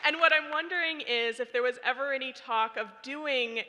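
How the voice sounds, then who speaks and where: A woman's voice: sits high, normal speed, a loud crowd, very noisy. A woman in a convention audience asking a guest a question, earnest and admiring. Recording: echoey convention hall.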